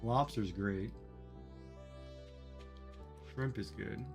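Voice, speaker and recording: A man's voice: fairly low pitch, drawn-out words, gravelly, over music. A man chatting casually with viewers while playing a game on a livestream, musing aloud about food. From Canada. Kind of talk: casual chat while gaming.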